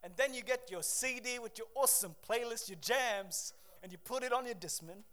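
A man preaching a sermon to a church congregation, swinging from loud exhortation to hushed, emotional confession. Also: extremely high pitch, brisk. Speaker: pastor. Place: church service.

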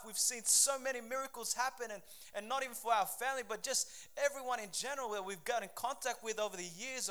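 A middle-aged pastor preaching a sermon in a fervent, conversational way, with frequent restarts. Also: male voice, very high-pitched, bright, forceful tone.

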